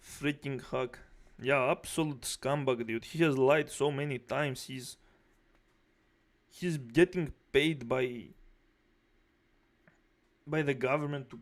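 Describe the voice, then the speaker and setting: A man's voice: mid-range voice, takes it slowly, pauses often. A man streaming, reacting to videos and answering chat with angry, profane rants. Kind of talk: live reaction commentary.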